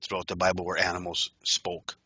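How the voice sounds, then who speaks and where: A man's voice: low-pitched, monotone, fairly quick, sharp tone, husky, no echo. A man co-hosting a casual talk show, earnest and agreeable, repeating words as he works toward his point. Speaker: podcast co-host. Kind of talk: casual chat.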